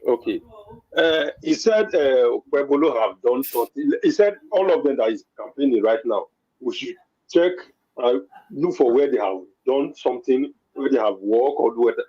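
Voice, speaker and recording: Polite Nigerian male caller, husky voice, dull call-in sound. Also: mid-range voice, normal speed, dark tone.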